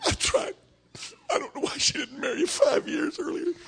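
A man preacher voicing an overjoyed, tearful woman, pitched high and rushing her words between sobs and laughs. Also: sing-song, vocal fry, a bit bright, heavily acted. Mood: tearful gushing.

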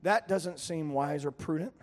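A middle-aged man, preaching a sermon as a lively storyteller, jumping to loud peaks and laughing between lines. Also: on the high side, measured pace, music in the background. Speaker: pastor.

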